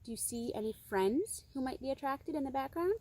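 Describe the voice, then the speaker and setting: Upbeat woman reader, slightly high voice, doing children's storytime outside. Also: brisk. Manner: bright, expressive storyteller talking to kids. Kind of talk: reading a picture book aloud to children. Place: outdoors among singing birds.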